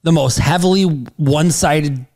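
A man's voice: fairly high pitch, measured pace, creaky, a little mellow. A man co-hosting a sports betting podcast, talking in a brash, profane, hyped-up way. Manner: brash, profane, hype-driven. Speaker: podcast co-host. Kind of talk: casual sports betting chat.

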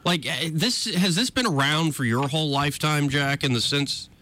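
A man's voice: a little high, normal speed, bright, forceful tone. A man hosting a political talk radio show, sarcastic and conversational.

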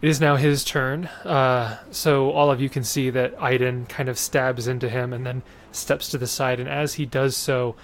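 Man as game master, steady rules-explaining delivery, mid pitch. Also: moderate pace, hardly any pauses. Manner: matter-of-fact, explains rules. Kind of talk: narrating a tabletop game.

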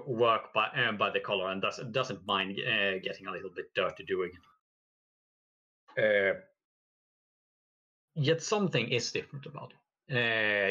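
A man narrating a tabletop game as game master, slow and halting with many fillers. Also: lowish voice, bright, forceful tone, highs cut off.

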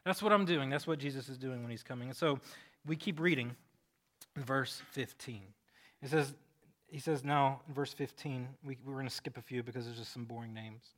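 A man's voice: mid-range voice, fairly quick, a bit bright. A man pastor giving a conversational sermon, telling stories animatedly with frequent restarts.

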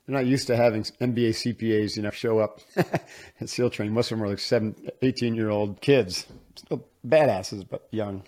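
A man from upstate New York, a guest in an interview, telling a story in a casual, animated way and acting out the voices of the people he quotes. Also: fairly low pitch, normal speed. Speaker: interview guest, former Navy SEAL.

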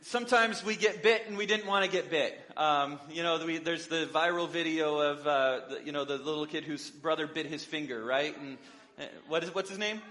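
A male pastor giving a conversational sermon, relaxed and rambling, with lots of fillers and self-corrections. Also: fairly high pitch, normal speed, long reverb tail.

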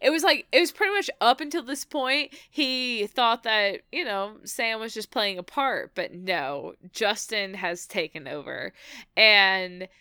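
A woman chatting about a TV episode, excitable and swearing as she laughs through her recap. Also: medium pitch, measured pace, clean tone, no echo, studio quality. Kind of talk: casual chat recapping a TV episode.

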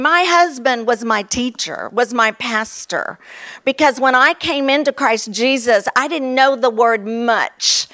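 A woman in her fifties from Kentucky with a Kentucky accent, preaching a fervent sermon with exclamations and drawn-out words. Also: sits high, a bit bright.

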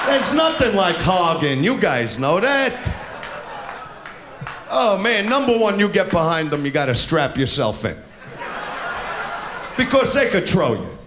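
A man doing a brash, crude stand-up comedy routine, swaggering and shouting his punchlines. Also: sits high, very animated, normal speed, long pauses, noisy background. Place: comedy club stage before a live audience. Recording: live club recording, roomy with loud crowd.

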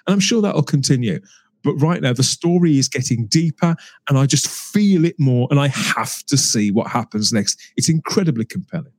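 A man's voice: medium pitch, lively intonation, moderate pace, darkish tone, no echo. A man in a casual podcast discussion, talking with enthusiasm and frequent restarts. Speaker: podcast co-host.

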